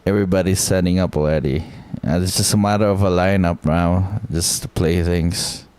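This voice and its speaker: A man's voice: low-pitched, steady tone, normal speed, a little mellow, smooth, no echo. A man streaming live, chatting casually and thinking aloud, swearing freely and filling his talk with "like".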